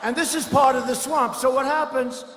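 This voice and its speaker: A man's voice: very high-pitched, fairly even intonation, normal speed, fairly bright tone, slight background noise. A man giving a rambling campaign rally speech in a large arena, boastful and full of mocking asides. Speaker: politician at a rally. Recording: echoey arena with long reverb.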